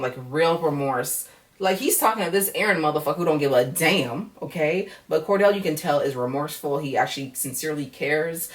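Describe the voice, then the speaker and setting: A woman's voice: deep voice, far from the mic. Blunt, profane woman recapping a reality show. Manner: blunt, profane, chatty, acts out quotes. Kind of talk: casual candid episode recap.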